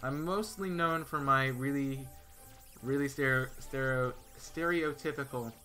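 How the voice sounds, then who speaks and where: A bright, forceful male voice chatting loosely with his live chat as he plays a game. He rambles through stories and answers viewers, stumbling over restarts and fillers. Faint music plays underneath. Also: mid-range voice, measured pace. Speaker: streamer. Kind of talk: casual live-stream chat.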